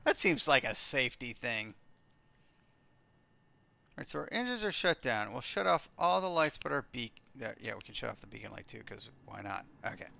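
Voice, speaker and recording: A man's voice: medium pitch, big pitch swings, normal speed, creaky, bright, forceful tone. A man streaming a flight simulator, chatting casually and reading off checklists and radio calls. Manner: chatty, self-mocking, thinks aloud, reads off checklists. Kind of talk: casual live-stream commentary.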